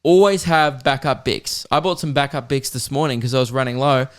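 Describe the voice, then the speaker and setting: Young aussie guy riffing on his podcast, smooth clear voice, mid pitch, loose and jokey. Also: fairly even intonation, brisk. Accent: Australian. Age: young adult. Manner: rambling, joking, swears freely. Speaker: podcast host. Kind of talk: casual comedic chat.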